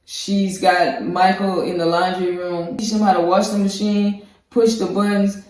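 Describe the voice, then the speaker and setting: A man co-hosting a reaction show, giving a casual, animated recap in slangy talk and acting out quotes. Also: high voice, measured pace. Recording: very echoey room, voice far from the mic.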